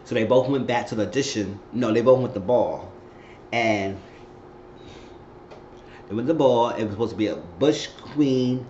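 A man casually recapping a TV episode, acting out the characters' lines with sudden high squeals. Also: normal speed, pauses often, a little hiss or hum. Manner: animated retelling, acting out quotes with high squeals. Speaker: recap host. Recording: echoey room, dull lo-fi sound.

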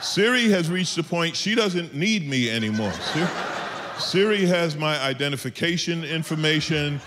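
A man's voice: fairly high pitch, expressive, normal speed, long reverb tail, noisy background. A man doing a stand-up comedy set, emphatic and storytelling.

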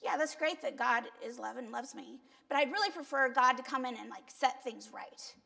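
Cuban-accented woman pastor, high bright voice. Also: moderate pace, creaky. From Cuba. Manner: conversational, self-deprecating, asks the congregation. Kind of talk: sermon with congregation questions. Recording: church hall reverb.

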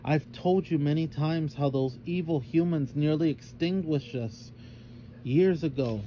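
A man's voice: a little high, a little slow, warm tone, a little hiss or hum, natural voice, low-quality recording. Man doing a stern thylacine mother. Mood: lecturing. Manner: scolding, fearful lecturing.

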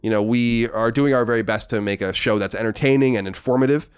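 Fast-talking male podcast host. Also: mid-range voice, clear, resonant tone. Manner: fast, animated, wordy and wry. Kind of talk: casual podcast chat, reading listener letters.

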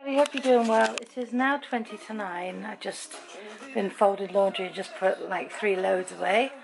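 A woman's voice: medium pitch, normal speed, gravelly, low-quality recording. A middle-aged British woman chatting candidly to her viewers at home in a daily vlog. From Britain. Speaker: vlogger. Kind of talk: casual daily vlog chat.

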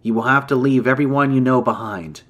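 A man voicing an ancient, grave female dragon in human form, speaking in a measured, formal way in a campfire story. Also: medium pitch, muffled recording, natural voice. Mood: sorrowful. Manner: solemn, measured, formal speech.

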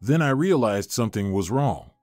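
Man narrating as a devoted young wife, determined, lively lilt, dry close sound, storybook. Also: mid-range voice, normal speed, dry recording, soft background music, close to an everyday voice. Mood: earnest. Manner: indignant then tender.

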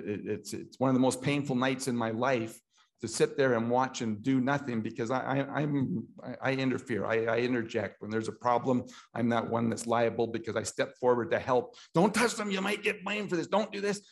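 A man's voice: medium pitch, steady tone, moderate pace, vocal fry. A middle-aged Canadian man giving an impassioned talk at a political meeting, repeating himself and restarting often as he grows emotional.

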